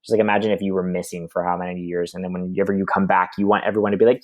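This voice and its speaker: A man's voice: deep voice, little pitch movement, very fast, few pauses, no room sound. Teacher type, young man, reads then paraphrases loosely, chatty filler-laden explanations. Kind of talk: reading aloud and explaining a text.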